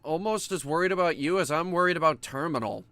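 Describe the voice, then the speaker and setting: A man's voice: fairly high pitch, fast talker, fairly bright tone. A man hosting a comedic movie-riffing stream, joking and theatrical in a mock lecture.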